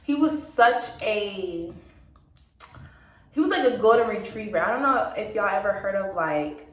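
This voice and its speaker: A woman's voice: mid-range voice, lively intonation, unhurried, reverberant, far from the mic. A young woman casually telling a dating storytime, chatty, laughing often and acting out the lines people said. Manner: chatty, laughs often, acts out quoted dialogue. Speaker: storytime vlogger.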